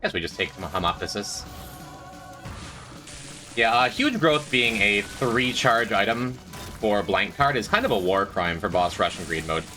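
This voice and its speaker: A young man streams a game and keeps up a running, joking chat with his viewers. His voice is bright and lower-pitched, and it swings up and down a lot as he talks. Some music plays faintly in the background. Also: lively intonation, a little slow. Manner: chatty, joking, reads and answers chat while playing. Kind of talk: casual gameplay commentary chatting with chat.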